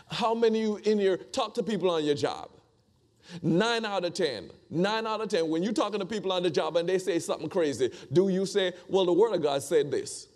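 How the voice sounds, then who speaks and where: A man's voice: high voice, a little mellow. A man preaching a conversational sermon, repeating phrases and asking the congregation rhetorical questions.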